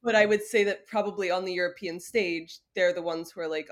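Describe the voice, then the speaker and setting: A woman hosting a podcast who asks her guest questions in a relaxed, conversational way. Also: on the low side, a little fast. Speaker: podcast host.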